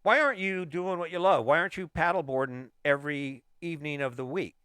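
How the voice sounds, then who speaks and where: A man's voice: on the high side, brisk, sharp tone, clear, resonant tone, dry recording. A middle-aged man hosting a motivational podcast, talking emphatically and firing off repeated rhetorical questions. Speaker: podcast host.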